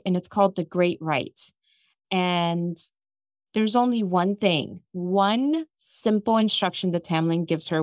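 A woman's voice: medium pitch, dry recording, clean studio sound. A woman co-hosting a casual chat, recapping a story with jokes and acting out the characters' lines. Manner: animated, jokey, acts out characters' lines. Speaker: podcast co-host recapping a book.

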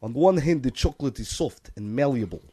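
A man putting on a stern Russian accent, reading slowly and deliberately. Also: medium pitch, lively intonation, dark tone, husky. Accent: put-on Russian.

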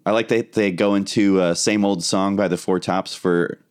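A man co-hosting a casual music podcast, talking in a relaxed, offhand way and sharing background facts. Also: low voice, moderate pace, smooth. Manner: relaxed, offhand, does the research. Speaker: podcast co-host. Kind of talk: casual chat.

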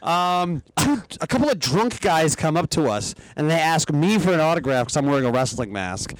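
A young man co-hosting a podcast, telling crude stories in casual, animated chat and laughing often. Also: fairly high pitch, moderate pace, a little hiss or hum, rough recording. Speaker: podcast co-host.

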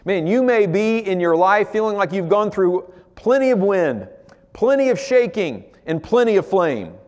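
A man preaching a sermon as pastor, swinging between loud emphasis and near-whispers. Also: sits high, sing-song, normal speed. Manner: swings from loud to hushed, acts out quoted voices. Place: church sanctuary. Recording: long hall reverb.

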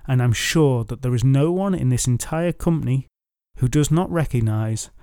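Man voicing a formal legend lord, earnest and solemn, mellow voice, dry sound. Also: mid-range voice, moderate pace, clear, resonant tone, no echo, natural voice.

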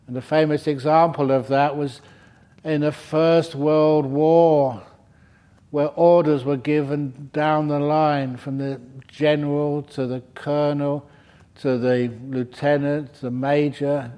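In a retreat centre meditation hall, a meditation teacher with a dark, mid-range voice gives a dharma talk to the retreat group. He's humorous and wanders off topic, pausing to crack jokes.

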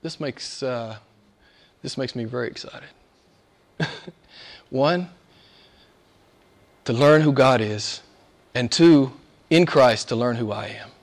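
A man preaching a sermon, swinging from hushed, whispered lines to loud, high exclamations, with playful asides and frequent laughs. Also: slow pace, pauses often.

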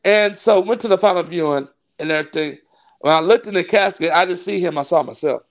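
A Baptist pastor from California telling a personal story in a rambling, heartfelt way, full of fillers. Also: male voice, sits high, a little fast. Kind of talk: casual interview storytelling.

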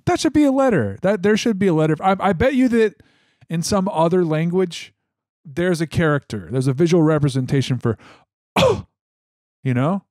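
A man's voice: a little high, animated, brisk, darkish tone, dry recording, studio quality. A young man co-hosting a casual chat, jokey and riffing with lots of filler words.

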